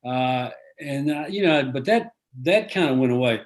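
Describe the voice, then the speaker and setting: An older man talks as a guest author over a video call. His folksy, rambling speech is full of restarts, and his voice sits in a middle pitch. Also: lively intonation, normal speed. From American South.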